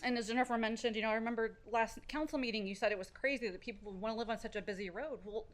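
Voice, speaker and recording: A middle-aged woman giving an earnest, halting public comment at a city council meeting, speaking into a podium microphone. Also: on the high side.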